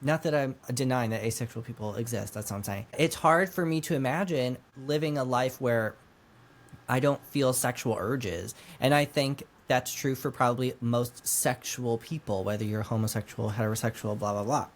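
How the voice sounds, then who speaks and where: A man's voice: mid-range voice, normal speed. A man co-hosting a podcast, discussing a novel casually and thinking aloud as he goes. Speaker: podcast co-host.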